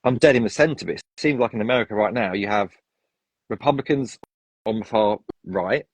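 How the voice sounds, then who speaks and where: A man with a low, husky voice talks through his opinions in a rambling, restart-filled way. The sound is dry and close, with no room around it. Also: fairly quick, no room sound, lo-fi sound. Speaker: podcast guest. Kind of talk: casual chat.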